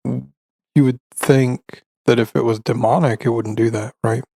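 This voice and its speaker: Very low, gravelly woman making wry jokes. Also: steady tone, measured pace, mellow, no echo, clean studio sound. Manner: wry, joking asides and teasing questions. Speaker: podcast co-host. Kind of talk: casual banter.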